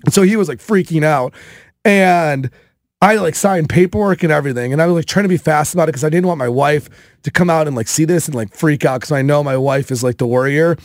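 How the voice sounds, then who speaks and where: High-voiced man telling a story. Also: brisk, no echo, studio quality. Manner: animated, filler-heavy with frequent "like". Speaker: podcast host. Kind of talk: casual storytelling.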